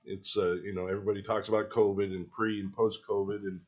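A legislator man with a deep, husky voice makes his case plainly and directly during a committee hearing. His voice comes through muffled, lo-fi hearing-room audio. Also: level tone, fast talker, a little mellow.

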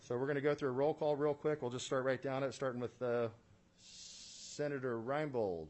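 A man's voice: mid-range voice, fairly even intonation, normal speed, darkish tone. A man chairing a formal legislative committee hearing from a committee room. He is procedural and businesslike, with many "uh" fillers and the odd dry aside. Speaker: state senate committee chair.

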